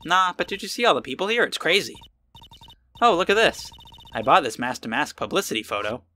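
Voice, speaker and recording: A man's voice: fairly high pitch, fairly quick, a little hiss or hum, voice pushed up. A man doing a chirpy young girl. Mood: excited. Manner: chirpy, excitable.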